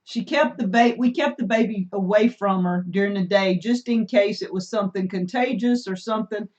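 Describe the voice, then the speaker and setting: A woman's voice: medium pitch, normal speed, a little mellow. A middle-aged woman, co-hosting a casual homestead live stream, chatty and reading out viewer comments. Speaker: homesteading channel co-host. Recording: dull lo-fi stream audio.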